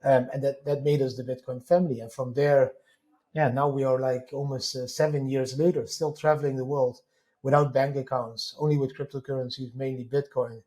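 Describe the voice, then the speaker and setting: A man with a Dutch accent, a guest in an interview, telling his story in an animated way with many quick restarts. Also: medium pitch. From Netherlands.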